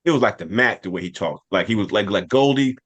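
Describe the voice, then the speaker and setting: A man on a podcast telling a long personal story in casual talk, animated, repeating phrases for emphasis. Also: fairly low pitch, quick pace, breathy edge. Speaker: podcast cast member.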